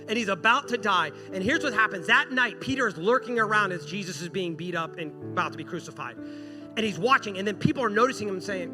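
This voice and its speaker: A man preaching a sermon, telling a story with animated, acted-out dialogue. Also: high-pitched. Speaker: pastor. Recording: music playing behind.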